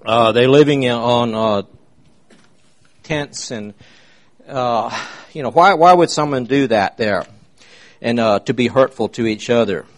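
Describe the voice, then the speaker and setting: Folksy preacher, a man at a mid pitch, meandering and informal, lots of "uh" and "you know". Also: measured pace, long pauses. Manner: rambling, folksy, many fillers and restarts. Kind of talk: informal sermon.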